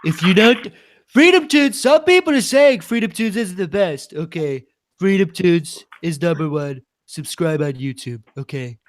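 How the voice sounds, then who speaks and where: A man putting on a boastful politician impression on a live stream, slow and repetitive in its sales-pitch boasting. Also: expressive.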